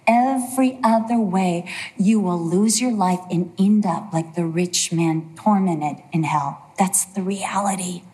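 A woman's voice: on the low side, unhurried, warm tone. A woman preacher giving a sermon, earnest and emphatic, with a lot of repetition.

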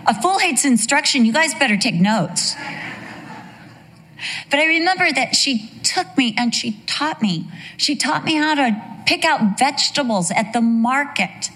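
A woman's voice: sits high, expressive, unhurried, fairly bright tone. A middle-aged woman teaching a sermon, telling personal stories and acting out quoted voices with humorous asides. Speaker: women's Bible teacher.

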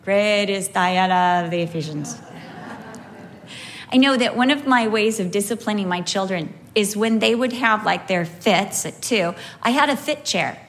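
A woman preaching a storytelling sermon, animated with wide pitch swings and slow, emphatic phrasing.

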